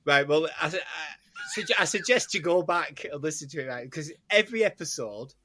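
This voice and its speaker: Chatty podcast host. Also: male voice, on the high side, animated, fairly quick, pushed and bright, dry recording. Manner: chatty, teasing, rambling. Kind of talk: casual chat.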